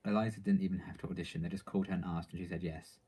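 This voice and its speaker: A man's voice: deep voice, little pitch movement, rapid-fire, mellow, breathy edge. A man reading out viewer questions and answering them in casual, rambling live-stream chat, full of ums and likes.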